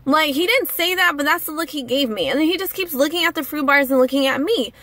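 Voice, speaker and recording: Bright, high-voiced indignant woman vlogger. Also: fast, dry recording. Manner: indignant, animated storytelling. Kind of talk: casual rant to camera.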